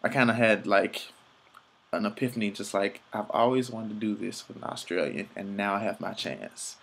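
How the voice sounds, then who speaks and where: Young male vlogger, lowish voice, rambling and casual, swears freely. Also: normal speed, vocal fry, fairly bright tone. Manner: rambling, loose, profane, filler-heavy. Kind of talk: casual travel vlog narration.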